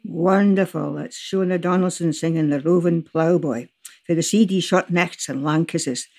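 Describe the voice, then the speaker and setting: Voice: mid-range voice, normal speed, vocal fry, a little mellow. A podcast host with a Scottish accent, interviewing guests in a friendly, conversational way.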